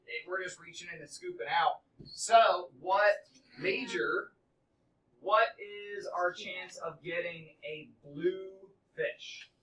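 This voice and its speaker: A man's voice: high voice, takes it slowly, fairly bright tone. A man teaching a middle school math class, quizzing students in an upbeat, coaxing way. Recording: echoey classroom from far off.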